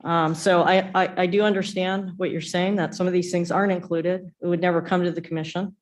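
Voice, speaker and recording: A woman's voice: lowish voice, level tone, fairly quick. A woman speaking as a commission member in a meeting, hesitant, with many ums. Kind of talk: meeting discussion.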